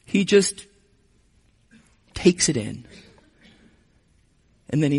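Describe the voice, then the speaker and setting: Man, pastor, sermon, unhurried delivery, quiet reflective stretches, long reverb. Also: fairly high pitch, sing-song, vocal fry, breathy edge. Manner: shifts between forceful emphasis and hushed, slow reflection.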